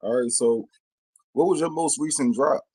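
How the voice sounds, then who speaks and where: A man hosting an interview in relaxed, slangy casual chat, giving shout-outs. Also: mid-range voice, moderate pace, slightly rough, dry recording. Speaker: interview host.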